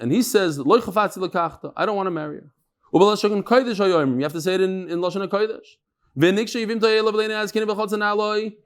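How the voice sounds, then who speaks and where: A man with a fairly high voice leads a daily Talmud lesson. He explains lightly and jokes often, dropping Hebrew and Aramaic terms into his English. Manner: lively, joking, mixes in Hebrew and Aramaic terms. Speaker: Talmud teacher.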